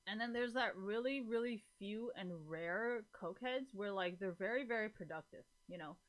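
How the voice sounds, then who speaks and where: A woman streamer chatting casually to her live audience, rambling, swearing freely and filling nearly every pause with "like". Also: medium pitch. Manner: rambling, profane, fills every gap with "like".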